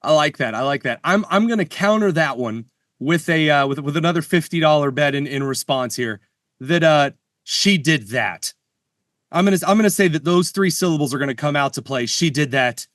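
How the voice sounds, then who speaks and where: A man's voice: on the high side, expressive, brisk, fairly bright tone, no echo, studio quality. A man co-hosting a podcast in casual chat, playful and jokey, often restarting his sentences. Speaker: podcast co-host. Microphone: studio mic.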